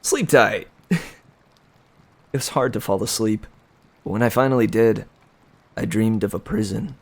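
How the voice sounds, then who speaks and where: A man reading a novel aloud in plain, unhurried storytelling. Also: on the low side, darkish tone. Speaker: reader.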